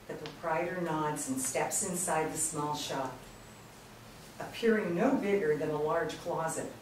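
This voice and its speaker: A woman's voice: low-pitched, a little hiss or hum. A woman reading the stage directions of a screenplay steadily aloud. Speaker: narrator. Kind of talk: screenplay read-through. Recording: echoey room from far off.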